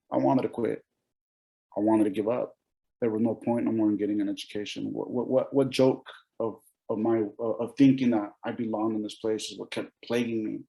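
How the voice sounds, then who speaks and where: A man in his forties from Oregon gives a keynote testimony about his own life. His voice is gravelly and dark, with a mellow edge. He tells it with feeling, restarting sentences and acting out what people said. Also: medium pitch, poor audio. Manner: emotional storytelling with many restarts and quoted dialogue. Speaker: keynote speaker. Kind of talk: personal testimony speech.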